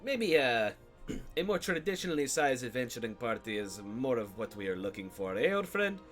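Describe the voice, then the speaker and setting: A man's voice: medium pitch, sing-song, moderate pace, a bit bright, soft background music. A man playing a pompous nobleman. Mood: courtly. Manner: grand, courtly, mildly condescending. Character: pompous male nobleman adventurer.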